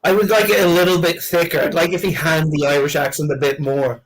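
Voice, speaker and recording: A man's voice: fairly high pitch, little pitch movement, fast, rough recording. A man on a comedy podcast dropping short jokes and asides into the chat.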